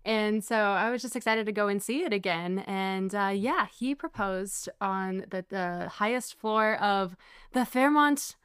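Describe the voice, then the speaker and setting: A young woman co-hosting a podcast, telling a story in an excited, bubbly way. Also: medium pitch, a little slow, smooth, dry recording, studio quality. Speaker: podcast co-host. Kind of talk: casual chat.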